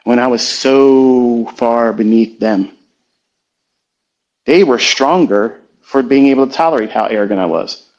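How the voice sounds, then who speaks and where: A middle-aged man talks in an earnest, confessional way, pausing and restarting as he works through his thoughts. His voice sits at an ordinary middle pitch. The sound is slightly muffled, like an online audio stream. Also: darkish tone. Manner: earnest, confessional, slow and halting. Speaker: trading educator hosting a live audio room. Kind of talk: reflective motivational talk.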